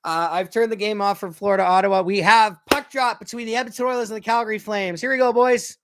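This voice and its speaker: A man giving casual play-by-play of a hockey game as a fan, excitable and quick to swear, breaking into shouts when his team scores. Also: high-pitched. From Canada. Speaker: fan commentator. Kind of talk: casual play-by-play watch-along.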